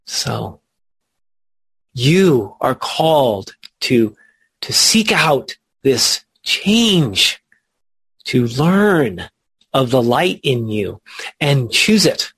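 Gravelly-voiced male study teacher, earnest, stretches key words, husky tone. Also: mid-range voice, sing-song, extremely slow, long pauses, fairly bright tone.

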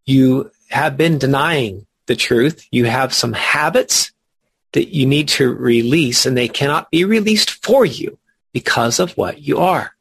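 Gravelly, husky man teaching scripture. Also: medium pitch, animated, unhurried, a bit bright. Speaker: spiritual study teacher. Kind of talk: teaching a study group.

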